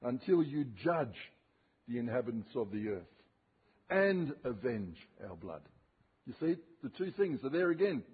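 A male preacher giving an expository sermon, reading scripture slowly and emphatically, with dramatic rises and drops in his voice. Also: mid-range voice, sing-song, breathy edge. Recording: tinny phone-like sermon recording.

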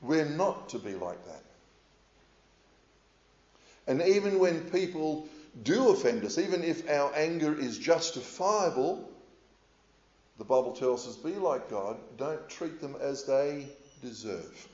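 A middle-aged man preaching a sermon in a measured, earnest way, with frequent hesitations as he speaks to a congregation. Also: on the high side, very animated, darkish tone. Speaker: pastor. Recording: echoey, slightly dull room sound.

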